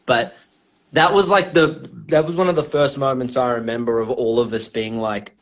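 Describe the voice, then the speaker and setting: A man's voice: mid-range voice, steady tone, moderate pace. A man, a comedian guest on a podcast, telling rambling anecdotes with laughs and swearing. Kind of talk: casual storytelling.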